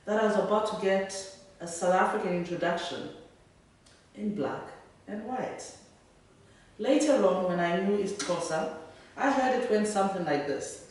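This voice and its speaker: A woman author reading her own fiction aloud, then taking questions in a lively, laughing way. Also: medium pitch, normal speed. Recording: echoey room, distant mic.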